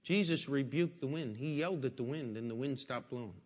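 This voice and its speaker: A man's voice: mid-range voice, a little fast. A man pastor preaching a sermon in a folksy storytelling way, asking rhetorical questions, in a church. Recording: long echoing hall reverb.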